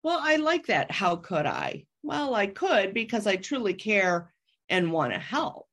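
A woman on a coaching call works through her feelings aloud, pausing and restarting as she searches for words. Her pitch moves lively up and down. She sounds earnest and sincere.

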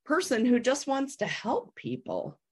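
A woman's voice: sits high, big pitch swings, a little slow, a little mellow, slightly rough. A woman on a coaching video call, searching for words with hesitations and restarts, speaking earnestly.

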